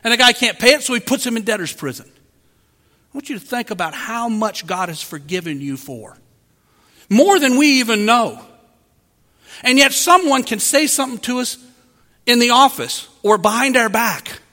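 High-voiced man preaching in an echoing hall. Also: bright, forceful tone. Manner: earnest, emphatic preaching with dramatic pauses. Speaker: pastor. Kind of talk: sermon. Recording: reverberant hall.

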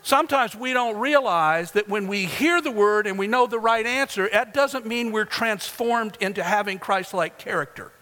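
A man with a high, light voice preaches to his congregation, swinging between quiet asides and loud, emphatic climaxes. His voice rings out with a long echo from a church sanctuary. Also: normal speed, hardly any pauses. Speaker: pastor. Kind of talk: sermon.

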